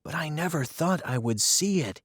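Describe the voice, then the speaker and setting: A man voicing a gentle, good-natured country boy in a storybook reading. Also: fairly high pitch, animated, normal speed, slightly rough, dry recording, clean studio sound, pitched above the performer's own voice.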